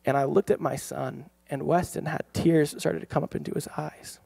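A pastor in his thirties telling a personal story in a sermon, animated and laughing often. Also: a little high, moderate pace, creaky, breathy edge. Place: church.

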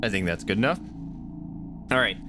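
A man's voice: fairly low pitch, lively intonation, normal speed, noisy background. Chatty man streaming a game. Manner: chatty, reacting aloud to the game. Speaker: gaming streamer. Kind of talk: casual let's-play commentary. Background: faint game music.

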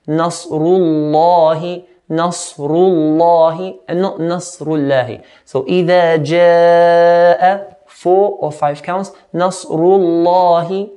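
A man teaching a tajweed lesson, patiently explaining rules and slowly demonstrating how each word of recitation should sound. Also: fairly high pitch, darkish tone. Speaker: Quran teacher.

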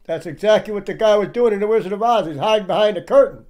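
Male commentator, preaching tone, calls out to his listeners often, fairly high voice. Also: quick pace, a little mellow, a little hiss or hum. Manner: emphatic, keeps addressing the audience as "people". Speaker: religious commentator. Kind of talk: preaching commentary over clips.

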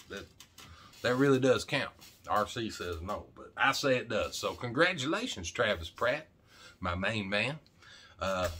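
A folksy, joking middle-aged man from Arkansas, rambling to camera like he's talking to a buddy. His voice sits low but sounds bright and forceful, and he keeps tossing in "man" as he goes. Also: slight background noise. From Arkansas, USA. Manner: folksy, jokey, talks straight to camera with a lot of "man". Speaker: channel host. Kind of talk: rambling casual vlog talk.

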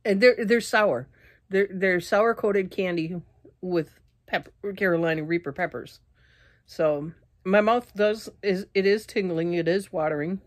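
Slow, low-pitched woman vlogger catching her breath. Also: no echo, clean studio sound. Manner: halting, restarts sentences, frequent throat-clearing. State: out of breath, clearing throat. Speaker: YouTuber eating spicy candy. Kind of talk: casual vlog talk to camera.

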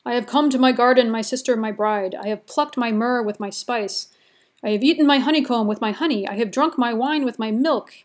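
A proud bridegroom boasting of his garden and calling his friends to feast, as a woman lecturer reads him out. The delivery is fuller and louder than her normal talk, with a firm, declaiming push. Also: fairly high pitch, brisk, natural voice.

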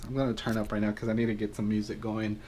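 A man's voice: fairly low pitch, little pitch movement, quick pace, background noise. A young man vlogging to camera, upbeat and rambling, with lots of fillers, first at home and then driving in his car. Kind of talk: casual vlog talk to camera.

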